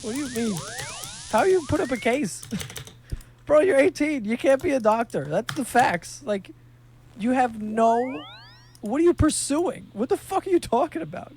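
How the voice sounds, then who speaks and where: Young man, from New York City, casual chat, laughs a lot, swears freely, pitch jumps up when excited, faint keyboard typing behind. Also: measured pace, slight background noise. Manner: profane, laughing, animated storytelling. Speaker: gaming streamer. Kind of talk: casual chat while playing a game.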